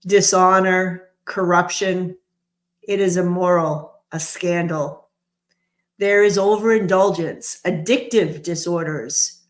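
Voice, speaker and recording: A woman giving a tarot reading, musing aloud and stressing single words for drama. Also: fairly low pitch. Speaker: tarot reader. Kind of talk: channeled tarot reading commentary.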